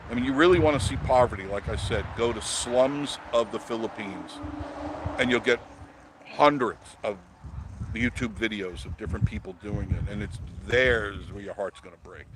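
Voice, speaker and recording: A man's voice: fairly low pitch, moderate pace. A man hosting a casual live stream, telling rambling stories, chuckling and answering viewer comments. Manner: rambling storyteller, chuckles often. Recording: audible background noise.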